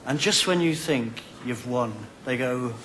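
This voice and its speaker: A man with a mid-range voice tells silly, quick comic anecdotes as a playful guest on a chat show, taped in a television studio in a 1990 broadcast. Heavy background noise and a studio audience's laughter accompany him.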